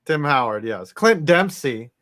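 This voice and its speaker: A man's voice: a little high, sing-song, unhurried, a bit bright. A man co-hosting a sports podcast, reading out listener messages and chatting loosely with jokes and swearing. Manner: loose, swearing, jokey asides. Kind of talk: casual sports chat.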